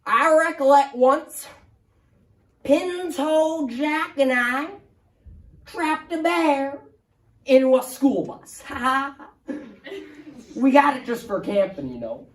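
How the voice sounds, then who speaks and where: A man's voice: very high voice, expressive, slow, pauses often, pitched above the performer's own voice, exaggerated voice. A man voicing a cranky, forgetful hundred-year-old man who rambles through his old stories in a quavering old-timer twang. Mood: rambling. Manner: crotchety, easily offended, repeats his stories. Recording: roomy, distant mic.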